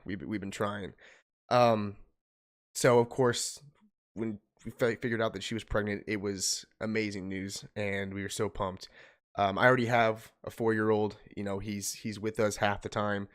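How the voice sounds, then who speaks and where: A young man streaming from home, telling an emotional personal story in a halting way, holding back tears. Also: lowish voice, a bit bright. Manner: halting, restarting, choked up.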